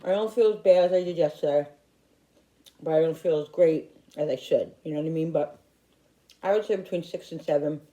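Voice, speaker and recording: Her voice is deep and warm, brisk but broken by frequent pauses. She's a middle-aged YouTuber at home in upstate New York, rambling heartfeltly to her viewers in personal vlog talk and often starting her sentences over.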